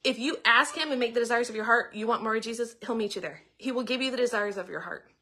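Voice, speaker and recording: A woman's voice: fairly high pitch, fast, sharp tone, breathy edge. A middle-aged woman giving an earnest devotional talk full of rhetorical questions. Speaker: ministry speaker.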